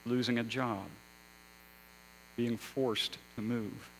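Slow, measured male preacher. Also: mid-range voice, flat delivery, slight background noise, rough recording. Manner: slow, measured preaching with rising emphasis and hushed endings. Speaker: pastor. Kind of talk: sermon.

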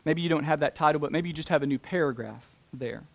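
A man preaching a sermon, talking deliberately and slowing down to stress key phrases. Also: fairly high pitch, gravelly. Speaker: pastor.

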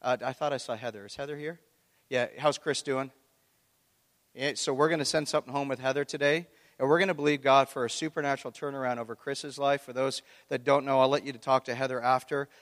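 A man's voice: medium pitch, steady tone, fast, fairly bright tone. A man preaching a casual sermon as pastor, chatty and talking straight to the congregation. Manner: chatty, talks to the congregation, restarts often. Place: church hall. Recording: reverberant church hall.

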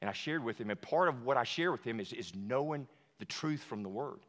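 A man preaching a sermon as a pastor, emphatic, dropping to a hush and then rising to shouts. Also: mid-range voice, lively intonation, a little fast. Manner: emphatic, swings from hushed to shouting. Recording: long hall reverb.

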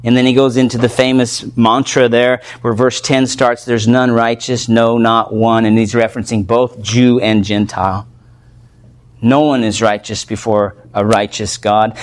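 Male pastor teaching a Bible passage, mid-pitched voice, conversational, builds toward fervor. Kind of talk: expository sermon.

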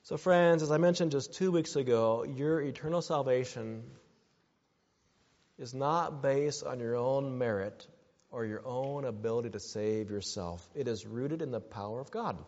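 A man's voice: medium pitch, measured pace, darkish tone. A man preaching a sermon as pastor, earnest and building to emphatic exhortations. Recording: dull sound with long hall reverb.

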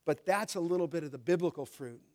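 A male pastor delivers a sermon in a fairly high voice. He reads verses slowly and with emphasis, pausing to ask his listeners to fill in the key word. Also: a little mellow. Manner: emphatic preaching, reads scripture slowly, asks the congregation rhetorical questions.

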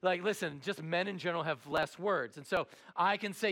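High gravelly animated preacher man. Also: brisk, few pauses. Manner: animated storytelling, acts out voices, swings from loud to hushed. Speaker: pastor. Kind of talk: sermon.

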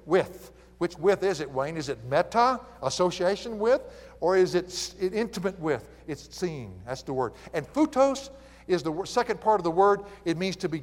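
A man's voice: high-pitched, in a large hall. A man with a Southern US accent preaching a folksy sermon, telling stories and chuckling as he teaches. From American South. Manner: folksy, animated storytelling with chuckles.

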